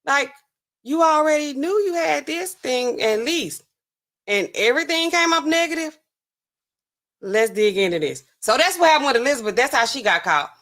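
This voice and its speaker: A woman pharmacist hosting a casual reaction commentary, talking in a sassy, colloquial, animated way. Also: normal speed. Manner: animated, sassy, colloquial, swings pitch for emphasis. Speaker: pharmacist host.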